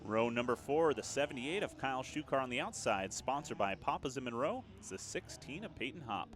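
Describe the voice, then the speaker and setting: A man's voice: mid-range voice, expressive, a little fast, a bit bright, a little hiss or hum. A man co-commentator reading out a starting lineup on a race broadcast.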